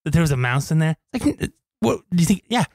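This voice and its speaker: A man with a fairly high voice tells a story in loose, casual chat. He laughs often, swears freely, and jumps into quoted voices as the story picks up. His delivery stays animated and conversational throughout. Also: quick pace, creaky.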